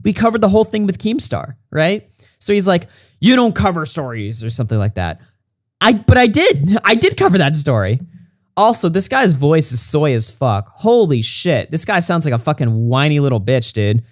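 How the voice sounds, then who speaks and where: A man's voice: fairly high pitch, very animated, normal speed, no room sound, clean studio sound. A man streaming, reacting to a critic's video with mocking, sarcastic, heavily profane commentary. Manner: mocking, sarcastic, heavy swearing.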